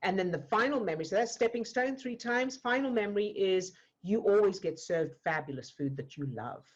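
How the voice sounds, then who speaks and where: A woman guiding a client through an emotional coaching exercise, gentle and explaining step by step. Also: medium pitch, animated, fairly quick, lo-fi sound. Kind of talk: live online coaching session. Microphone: video call.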